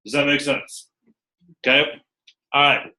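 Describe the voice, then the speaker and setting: A man with a bright, forceful voice at an ordinary middle pitch. He coaches a small group of recruiters, acting out lines and checking in with them as he goes. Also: measured pace, low-quality recording. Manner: animated, acts out quotes, checks in with "okay?" often. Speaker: recruiter training a team. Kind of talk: group training talk.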